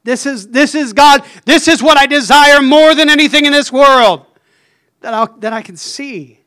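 A man's voice: extremely high pitch, normal speed, pushed and bright. A man preaching a fervent sermon, stopping often to say "Amen.". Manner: fervent, punctuates phrases with "Amen".

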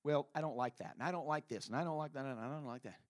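A man's voice: medium pitch, quick pace, darkish tone, no room sound, studio quality, pitched below the performer's own voice, close to an everyday voice. A man voicing a stubborn, complaining churchgoer who mutters his objections. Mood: grumbling.

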